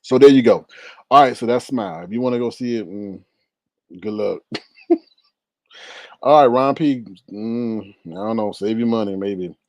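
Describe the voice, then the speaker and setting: A man hosting a casual livestream, retelling a story with lots of laughter and acting out the scenes in high voices. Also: moderate pace, long pauses, a little mellow, dry recording. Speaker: livestream host reading viewer comments.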